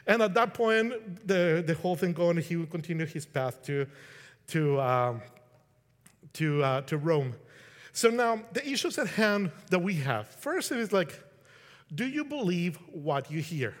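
A man's voice: sits high, animated, a little slow. A middle-aged man from Colombia, giving a casual, conversational sermon and acting out quotes. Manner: conversational, restarts, acts out quotes. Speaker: preacher. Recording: long hall reverb.

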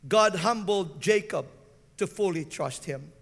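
A male pastor preaching, often stopping to ask his listeners if they are still with him. His voice sits very high and has a gravelly rasp, and it echoes through a reverberant hall. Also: measured pace, a bit bright. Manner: preaching with frequent call-outs to the listeners. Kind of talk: sermon.

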